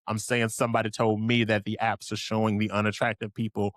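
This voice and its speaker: A man's voice: fairly low pitch, level tone, a little fast, no echo, clean studio sound. A young man co-hosting a podcast, chatting casually with joking, rambling asides. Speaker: podcast co-host. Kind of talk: casual chat.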